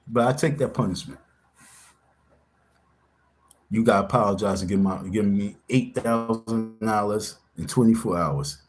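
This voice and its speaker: A man's voice: on the low side, measured pace, long pauses, slight background noise. A man hosting a casual livestream, talking in an insistent, confrontational way and repeating himself for emphasis. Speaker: livestream host.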